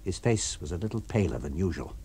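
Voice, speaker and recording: A man reads an abridged novel aloud for radio, with a low, husky voice. His pitch rises and falls lively as he tells the story. The delivery is measured and expressive. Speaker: narrator. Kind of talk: abridged audiobook reading for radio.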